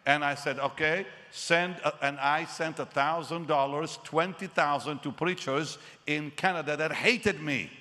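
A man's voice: a little high, a little slow, few pauses, big-room sound. An older man preaching a sermon, telling a personal story and acting out the dialogue with rising emphasis. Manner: animated, acts out quoted dialogue with rising emphasis. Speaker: evangelist preacher.

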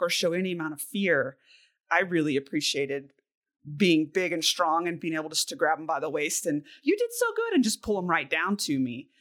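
A woman's voice: on the low side, a bit bright. A woman hosting a casual podcast, asking her co-host questions and sharing her own thoughts in an encouraging way. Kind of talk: casual parenting podcast chat.

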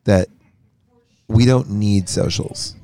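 A man's voice: lowish voice, slow, dark tone, no room sound. A man who plays in a band, chatting casually as a podcast guest and rambling with lots of fillers. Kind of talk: casual chat.

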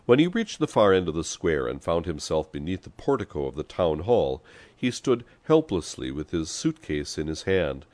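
A man reading a story aloud as an audiobook narrator, expressive storytelling. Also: extremely low pitch, no echo. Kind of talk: scripted narration.

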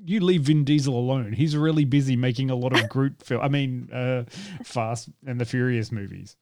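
A man's voice: medium pitch, normal speed, noisy background. A man hosting a casual film podcast, joking and laughing as he talks. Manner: animated, joking, trailing off into laughs. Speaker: podcast host. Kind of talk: casual chat.

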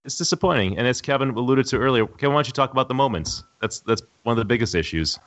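A man's voice: medium pitch, expressive, rapid-fire, lo-fi sound. A man who is a podcast guest, giving an opinionated review of a game with frequent fillers. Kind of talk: casual chat, game review.

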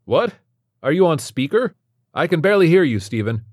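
A man's voice: on the high side, big pitch swings, moderate pace, darkish tone, no room sound, studio quality, voice pushed up. A man putting on a chirpy, grating doctor. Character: chirpy grating male doctor, overly cheerful.

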